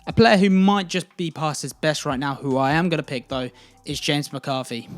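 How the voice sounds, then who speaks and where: A man's voice: on the high side, moderate pace. A young man hosting a casual football video, giving chatty, opinionated and jokey commentary.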